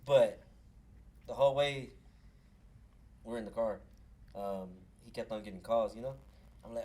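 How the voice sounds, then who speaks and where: A man's voice: lowish voice, moderate pace, long pauses, a little mellow. A man on a podcast telling a profane story in casual chat, acting out what people said. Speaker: podcast host.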